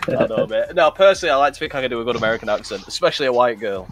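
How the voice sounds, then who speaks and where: A man's voice: medium pitch, lively intonation, very fast, noisy background. A man guest on a trading stream, bantering casually, teasing and swearing, saying bro and mate.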